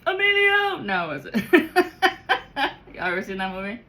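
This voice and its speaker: A woman giving a rambling, excitable spiritual vlog monologue as a card-reading guide, swearing freely. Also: mid-range voice, racing, poor audio.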